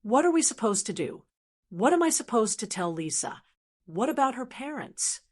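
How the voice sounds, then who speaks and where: A man's voice: very high voice, sing-song, normal speed, a little mellow, exaggerated voice. A woman voicing a panicky, self-centred grown son who sputters and stammers. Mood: panicked.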